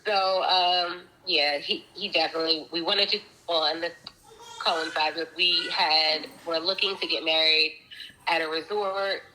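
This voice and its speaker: Woman, low and bright, telling a rambling personal story on a podcast. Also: fairly even intonation, a little slow, slight background noise, rough recording. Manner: chatty, rambling, many fillers and restarts. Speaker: guest. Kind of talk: casual storytelling interview.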